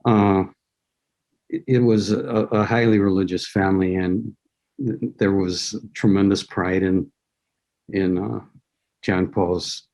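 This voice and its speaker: A man's voice: deep voice, fairly even intonation, a little mellow. A man, a writer on a panel, recalling his family in a hesitant, reflective way on a video call. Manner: hesitant, full of pauses. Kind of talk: reflective conversation.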